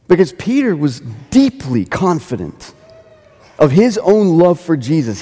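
A male pastor delivers an earnest sermon in a mellow, somewhat raised voice. He repeats phrases for emphasis and acts out quoted lines. His words ring out with a long hall reverb. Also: on the high side, huge pitch swings, normal speed, husky.

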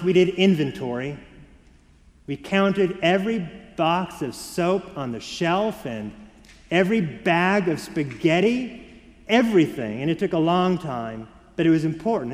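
Man preaching a sermon in a reverberant church. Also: on the high side. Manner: varied and expressive, dropping soft for emphasis, rising for children. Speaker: pastor. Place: church sanctuary.

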